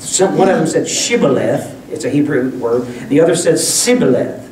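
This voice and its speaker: Speaking fast in a warm, somewhat high voice, a pastor preaches a sermon in a church sanctuary, folksy and conversational, often restarting his sentences. The recording is echoey with a distant mic, and there's slight background noise.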